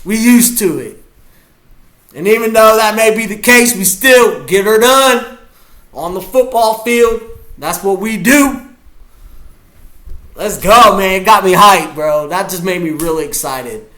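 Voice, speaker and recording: Man, sports fan reaction, excited cheering, drawn-out unhurried delivery, bright tone. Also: high voice. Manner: hyped, cheering, often shouting. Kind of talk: live game reaction vlog.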